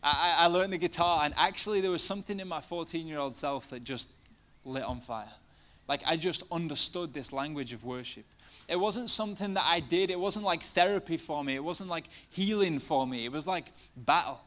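A man's voice: fairly high pitch, normal speed, fairly bright tone. Male preacher, casual and chatty in his sermon, swelling into fervent emphasis. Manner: conversational, many fillers, rising to passionate emphasis.

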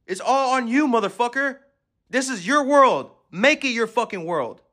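A man's voice: very high-pitched, animated, moderate pace, sharp tone. A man hosting a podcast, giving an aggressive, swear-filled motivational rant at the listener. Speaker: podcast host.

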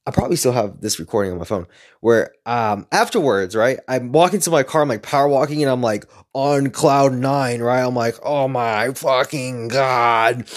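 A young man talks through personal stories in a loose, rambling way, full of restarts and swearing. His voice sits at an ordinary middle pitch and climbs sharply when he relives a big moment. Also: moderate pace. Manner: rambling, profane, animated when retelling. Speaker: speaker sharing personal stories. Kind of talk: casual storytelling monologue.

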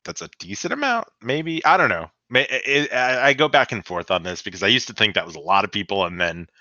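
A man's voice: on the low side, sing-song, brisk, sharp tone, dry recording, lo-fi sound. A man co-hosting a casual political chat podcast, joking in a sarcastic, mock-serious way. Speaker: podcast co-host.

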